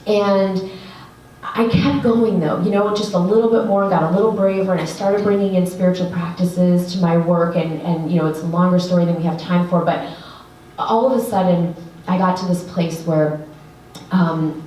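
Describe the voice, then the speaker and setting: Woman coach telling her story, warm low voice, echoey room, kinda far off mic. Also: normal speed, a little hiss or hum. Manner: earnest, animated storytelling with lots of fillers. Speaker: writing coach. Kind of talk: storytelling talk to an audience.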